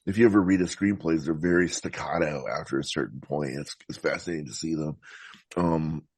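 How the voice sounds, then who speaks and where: Very deep-voiced man musing about films. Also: breathy edge, no room sound. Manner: thoughtful, meandering, halting with restarts. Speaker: podcast guest, film critic. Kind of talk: casual film discussion.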